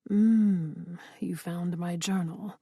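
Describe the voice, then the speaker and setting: A woman voicing a commanding, amused male vampire lord who speaks in a low, teasing murmur in an audiobook. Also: steady tone, very slow, warm tone, slightly rough, no room sound, clean studio sound, full character voice.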